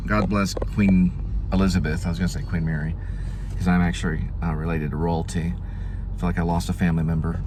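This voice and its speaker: A man hosting a casual vlog outdoors, rambling along, joking and correcting himself as he goes. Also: sits low. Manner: rambling, jokey, self-correcting. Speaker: vlog host. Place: outdoors near city traffic. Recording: outdoor traffic noise.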